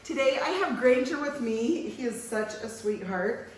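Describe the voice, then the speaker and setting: A woman's voice: fairly high pitch, lively intonation, measured pace, slight background noise. A woman hairstylist giving a casual haircut tutorial, chatting and cooing in baby talk to a toddler as she works. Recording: roomy room echo.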